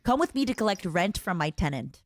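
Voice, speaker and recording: A woman streamer chatting casually and reacting to clips, excitable and playful, squealing over cute things. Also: mid-range voice, fairly quick, no echo.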